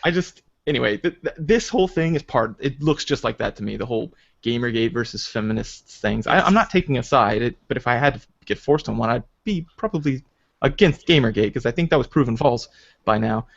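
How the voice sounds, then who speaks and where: A man hosting a casual podcast chat, rambling and animated, with lots of restarts and "like" fillers. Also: mid-range voice, fairly quick, creaky. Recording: slightly dull lo-fi recording.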